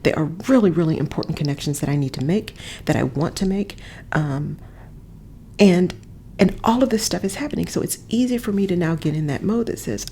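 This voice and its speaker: A woman's voice: low-pitched, brisk, dark tone, a little hiss or hum. A woman host and coach giving an earnest, reflective motivational monologue, repeating phrases for emphasis and dropping to a near-whisper at times. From Texas. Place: a friend's house, not her usual space. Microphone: different setup than usual.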